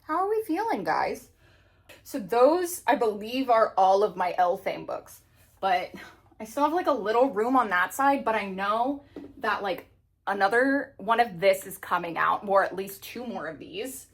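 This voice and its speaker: A woman's voice: medium pitch, lively intonation, moderate pace. A woman in her thirties chatting casually to camera at home while rearranging bookshelves, giggly and out of breath, with lots of fillers. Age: 30s. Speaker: book vlogger.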